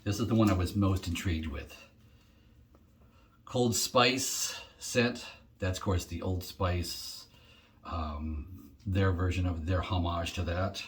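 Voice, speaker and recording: A man's voice: low voice, steady tone, takes it slowly, pauses often, a little hiss or hum. A middle-aged man chatting casually through an unboxing, rambling and thinking aloud with frequent ums. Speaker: shaving vlogger.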